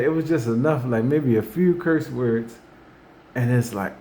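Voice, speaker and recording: A man's voice: mid-range voice, lively intonation, moderate pace, a little mellow, slight background noise. A man talking casually about faith and everyday life, rambling and repeating himself, acting out what people say. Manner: rambling, repeats himself, restarts, acts out quotes. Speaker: host.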